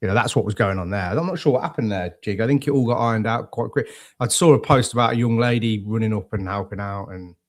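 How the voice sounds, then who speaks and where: A lowish male voice with an English accent, talking football casually with friends. He tells stories with energy and drops into quoted asides as he goes. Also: quick pace, hardly any pauses. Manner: chatty, animated storytelling with quoted asides. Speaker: podcast co-host.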